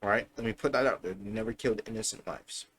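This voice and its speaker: A man's voice: on the low side, fast talker, a bit bright. A young man casually improvising a fan story aloud, rambling and correcting himself as he goes. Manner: rambling, self-correcting, chatty.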